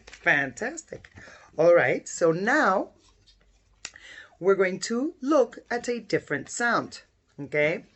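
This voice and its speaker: A woman teacher giving a phonics lesson to young children, sounding out letters slowly and clearly with encouraging praise. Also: mid-range voice, big pitch swings, a bit bright.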